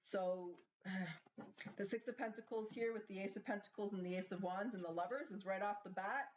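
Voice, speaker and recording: A woman's voice: medium pitch, normal speed, slight background noise. A woman doing a casual tarot card reading, chatting and thinking aloud as she asks the cards questions. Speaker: tarot reader. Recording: slightly dull lo-fi sound.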